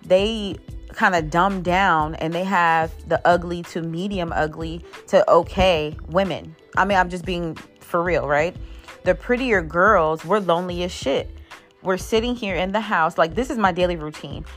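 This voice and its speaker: A woman's voice: on the low side, a little slow, soft background music. A woman in her thirties ranting casually to camera, blunt and exasperated, swearing freely. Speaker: vlogger.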